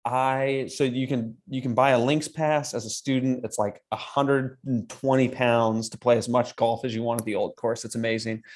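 Animated young man telling a story. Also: medium pitch, moderate pace, few pauses. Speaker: podcast co-host. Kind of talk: casual storytelling chat.

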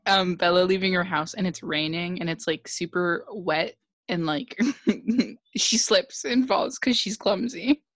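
A woman's voice: fairly low pitch, a little slow, a bit bright, no echo. A young woman hosting a podcast, chatting casually and laughing often as she recaps a film. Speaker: podcast host. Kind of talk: casual chat.

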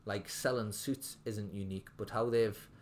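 A man's voice: on the low side, fairly even intonation, normal speed, slight background noise. A young man, a restaurant owner telling his story in a casual interview, rambling with lots of fillers and restarts. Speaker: restaurant owner, podcast guest.

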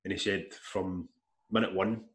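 A man telling a long story in casual chat, rambling and animated, with restarts and swearing. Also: sits low, a little slow. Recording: echoey room.

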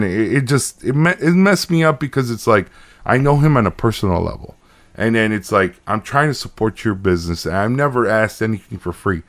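A man in his thirties, a podcast co-host, telling a story in casual chat, acting out both sides of a conversation and swearing when worked up. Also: fairly low pitch.

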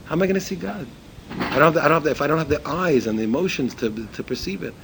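A man's voice: a little high, rapid-fire, creaky, background noise. An older man teaching Torah in an informal talk. He tells stories with lots of expression, acting out the dialogue, and often repeats and restarts his phrases. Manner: animated storytelling, acts out dialogue in a raised voice.

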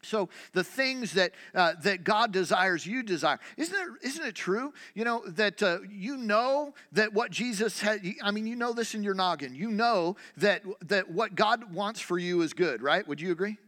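A man with a high, bright voice preaches, throwing rhetorical questions at his congregation. His sermon rings out in a church hall with a long reverb. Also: animated, moderate pace, few pauses. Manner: conversational preaching, rhetorical questions, repeated restarts. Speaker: pastor.

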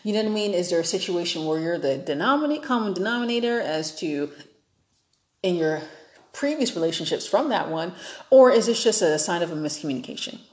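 A woman's voice: fairly low pitch, lively intonation, brisk, a little mellow, reverberant. Chatty woman giving frank dating advice. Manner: chatty, frank, acts out quoted people. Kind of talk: casual advice monologue.

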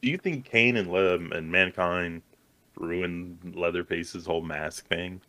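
Male co-host from Texas, deep voice, bright forceful tone, casual rambling. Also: slow. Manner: loose, hesitant, full of fillers. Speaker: podcast co-host. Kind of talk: casual chat.

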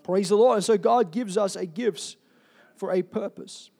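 A young man preaching a sermon in a church. His voice sits high for a man, and he tells a personal story to the congregation, breaking off to ask them "Amen?". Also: measured pace, gravelly, a little mellow. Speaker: pastor. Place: church hall.

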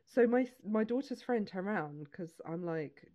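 Essex woman guest, lively storyteller, laughs a lot, muffled lo-fi sound, mid pitch. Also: fairly quick, hardly any pauses. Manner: laughs often, animated storytelling. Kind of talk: casual chat. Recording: dull lo-fi sound.

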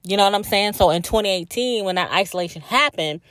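A woman's voice: medium pitch, fast talker, fairly bright tone, dry recording. A tired woman hosting a podcast, talking casually and frankly about her spiritual journey, swearing freely and saying "like" a lot. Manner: frank and profane, storytelling with many "like"s. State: tired and drained. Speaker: podcast host.

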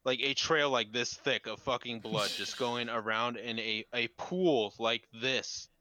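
A man in his twenties, a podcast co-host, telling an animated and profane story in casual chat. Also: mid-range voice, measured pace, dry recording. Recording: slightly dull lo-fi sound.

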